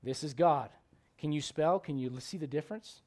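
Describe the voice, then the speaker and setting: A man preaching a sermon as pastor, swinging between loud emphatic questions and low, quiet asides. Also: a little fast.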